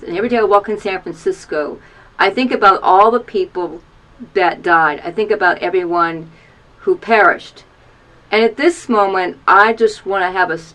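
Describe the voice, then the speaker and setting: An emotional woman in her fifties tells her HIV story to camera from a small video booth, pressing listeners again and again to act. Her fairly bright voice sinks low at times, and the audio quality is poor.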